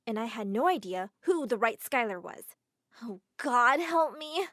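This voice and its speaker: A woman with a fairly high voice tells a first-person animated story, dramatic and quick to exclaim. Her voice is recorded close and dry, with no room sound. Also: dry recording. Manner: dramatic, exclaiming, quick shifts to emotional outbursts. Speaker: narrator.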